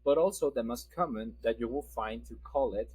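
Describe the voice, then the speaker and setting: A man, teaching a vocabulary lesson and repeating each word slowly with stressed syllables. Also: mid-range voice, a little mellow, slight background noise, low-quality recording. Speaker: Spanish teacher.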